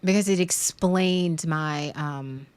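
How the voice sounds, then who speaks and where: A woman's voice: low voice, slow, a little mellow, clear, resonant tone, no echo. A woman hosting a podcast, talking through a frank, emotional monologue that rambles, restarts and repeats words as she goes. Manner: frank and emotional, swearing at times. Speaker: podcast host.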